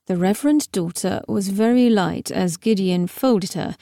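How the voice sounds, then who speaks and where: In clean studio-quality sound with no room tone, a woman with a mid-range voice narrates an audiobook from a script. Her reading is measured and expressive.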